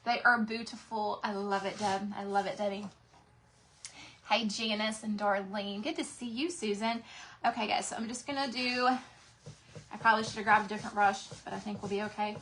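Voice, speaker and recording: There's a slight hiss or hum behind this woman's medium-pitched, fairly bright voice, which stays fairly even in intonation at a normal speed. With a Texas accent, she chats with viewers and welcomes them by name during a casual craft livestream from her craft room.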